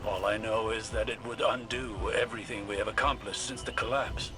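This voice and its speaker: A man voicing a grave, formal male ally in a video game, speaking in a solemn, measured way. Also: lowish voice, steady tone, music in the background, lightly acted.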